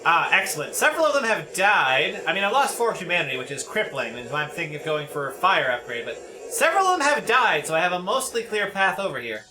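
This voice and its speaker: A man's voice: high-pitched, very animated, quick pace, hardly any pauses, over music. A man streaming a video game, swearing freely as he gives running commentary on his play.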